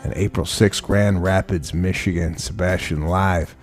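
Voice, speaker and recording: A man's voice: low voice, unhurried, faint music behind. Ranting male comedy podcast host. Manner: animated ranting, acts out scenes. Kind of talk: casual comedy chat.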